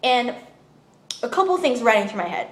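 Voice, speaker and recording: Woman, casual testimony, emphatic and chatty, slightly high voice, roomy echo. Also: normal speed, slight background noise. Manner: animated, emphatic, many fillers like "you know what I mean". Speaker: storyteller. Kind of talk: personal testimony, casual storytelling.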